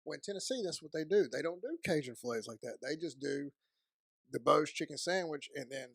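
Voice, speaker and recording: A man's voice: a little high, lively intonation, brisk, vocal fry, fairly bright tone, dry recording, studio quality. A man, a guest in a casual interview, telling stories while eating. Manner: chatty storyteller, talks while eating.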